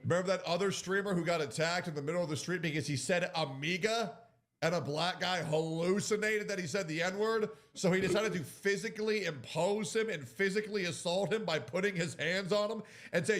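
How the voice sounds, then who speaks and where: A man's voice: high voice, fairly quick, a bit bright. A man giving heated, sarcastic commentary in a ranting way.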